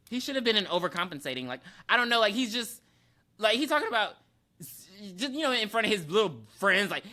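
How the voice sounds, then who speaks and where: Bright animated guy on a podcast, retelling a movie plot, doing little voices for everyone. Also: a little high. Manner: animated storytelling, quick voices for characters, laughs often. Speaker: podcast co-host. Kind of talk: casual movie recap chat.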